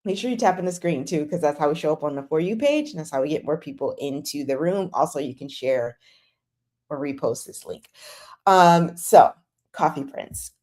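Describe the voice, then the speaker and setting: A young woman hosts a casual live chat, her pitch swinging widely as she talks. She gushes and gets exasperated by turns, acting out her own reactions. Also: animated, normal speed, a little mellow.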